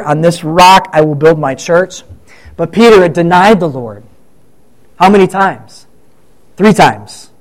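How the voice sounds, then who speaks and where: A high-voiced man preaching in a relaxed, conversational way. He retells the story and slips into the voices of the people in it as he goes. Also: poor audio. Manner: conversational, acts out quoted voices. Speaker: pastor. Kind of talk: sermon.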